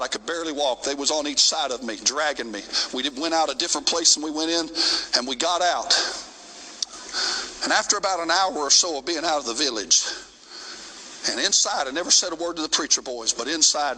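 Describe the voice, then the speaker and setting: A man telling a missionary story in a sermon, folksy and animated, going from shouting to hushed. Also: a little high, breathy edge, low-quality recording. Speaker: missionary preacher. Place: church sanctuary.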